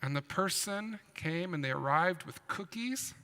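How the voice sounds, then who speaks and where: A man speaks as a pastor giving a children's sermon. His voice sits a bit high and carries gravelly fry, and he tells the story with animation, asking his listeners questions. The sound has a crisp, forceful edge and rings with the long reverb of a church. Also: lively intonation, a little slow. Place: church sanctuary.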